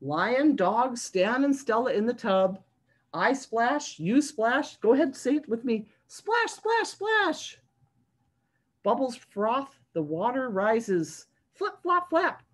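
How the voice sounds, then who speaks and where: Lively, slow-paced woman reading to children. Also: a little high. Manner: sing-song and animated, asks children questions. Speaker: children's librarian. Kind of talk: reading a picture book aloud to young children. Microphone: video call.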